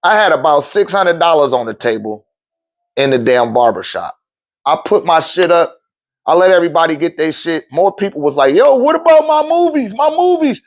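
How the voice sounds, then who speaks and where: A man's voice: a little high, normal speed. A man telling a personal story at a live talk in a loose, profane way, acting out the other people's voices as he goes.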